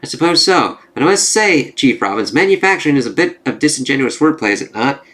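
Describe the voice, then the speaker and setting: A man's voice: medium pitch, animated, fast talker, fairly bright tone. A man voicing a formal, courteous male mutant scientist who speaks politely and at length.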